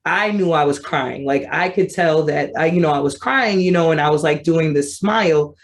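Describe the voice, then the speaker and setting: Animated woman telling her own story. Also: deep voice, normal speed. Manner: animated, acts out remembered thoughts in a raised voice; conversational with frequent fillers. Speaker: vitiligo advocate. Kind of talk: personal storytelling.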